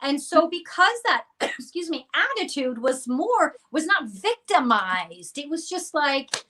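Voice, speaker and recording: A woman with a slightly high voice gives a psychic reading on a live stream, speaking slowly and deliberately. She is earnest and expressive, acting out the listener's imagined thoughts and slipping in small laughs between phrases. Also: low-quality recording. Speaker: psychic reader.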